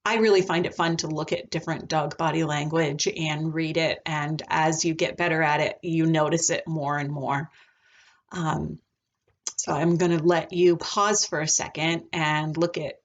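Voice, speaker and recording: A woman teaching a recorded lesson on dog behavior, talking in a relaxed, chatty way with frequent ums. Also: sits low, dull audio. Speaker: dog trainer.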